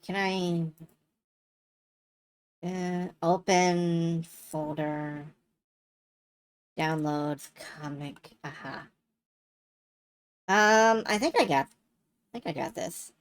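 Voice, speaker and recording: A woman's voice: on the low side, extremely slow, long pauses, clean tone. A woman streamer chatting casually and making wry asides while reading a comic on a live stream.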